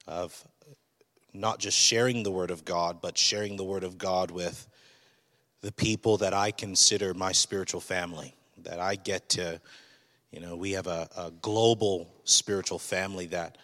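Male pastor, candid conversational sermon, low register, hall reverb. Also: fairly bright tone.

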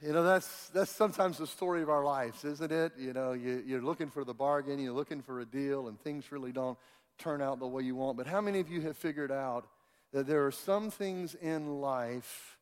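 Folksy preacher in a reverberant church hall. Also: male voice, medium pitch, moderate pace. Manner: folksy, animated storyteller with repeated restarts. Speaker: pastor. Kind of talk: sermon with storytelling.

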